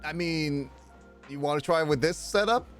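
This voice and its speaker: A man hosting a casual gaming stream with friends, excitable and talking over the others. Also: on the high side, moderate pace, soft background music. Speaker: streamer and host.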